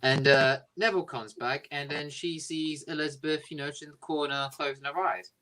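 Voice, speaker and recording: A man's voice: on the high side, fairly even intonation, moderate pace, bright, forceful tone. A man casually improvising a jokey story, rambling and swearing freely.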